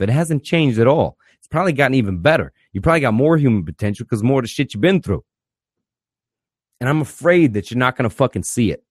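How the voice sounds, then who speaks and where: A man in the middle of a fervent podcast monologue, blunt and peppered with constant swearing as he gives listeners hard advice. His voice sits at an ordinary middle pitch and swings between near-shouted emphasis and low, quiet asides. The sound is dry and close, with no room around it. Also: animated, fast talker, slightly rough, no echo. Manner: blunt, swears constantly, mocks therapist clichés. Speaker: podcast host giving counsel. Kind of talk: blunt profanity-laden monologue.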